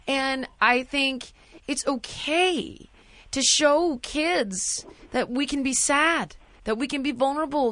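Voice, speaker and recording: A woman in her thirties hosting a call-in advice show, talking gently and soothingly to a caller she calls sweetie. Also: mid-range voice, dry recording. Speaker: host.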